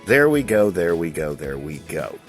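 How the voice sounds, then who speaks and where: Lowish voice guy rambling about a toy, lots of ups and downs, faint music behind. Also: very animated, moderate pace. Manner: chatty, rambling, self-deprecating with chuckles. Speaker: toy reviewer. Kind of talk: casual toy review while handling a figure.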